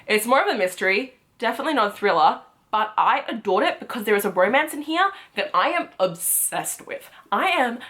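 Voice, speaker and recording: A young woman vlogging her monthly reading wrap-up in a casual, gushing way, often jumping into loud, excited squeals. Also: on the high side, a little fast, few pauses. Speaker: book vlogger.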